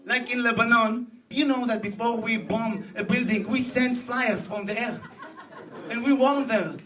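An Israeli man performing stand-up comedy in animated, broken English, laughing at his own jokes, recorded from a stage before a live audience. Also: extremely high pitch, measured pace. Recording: distant stage mic, loud audience laughter.

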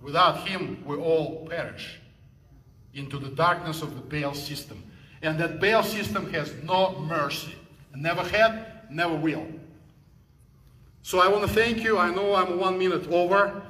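A fervent man delivers a preaching speech in broken English. His voice is high and bright. The recording rings with a long hall echo. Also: a little slow. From former Soviet Union. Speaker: guest speaker. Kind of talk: impassioned speech.

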